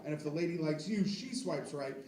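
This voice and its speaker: High-voiced crude stand-up man in echoey club. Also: animated, far from the mic, a little hiss or hum. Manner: crude, self-deprecating, rambling with quick asides to the crowd. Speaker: stand-up comedian. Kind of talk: stand-up comedy set. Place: comedy club stage with a live audience. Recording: echoey club miked from afar, loud crowd.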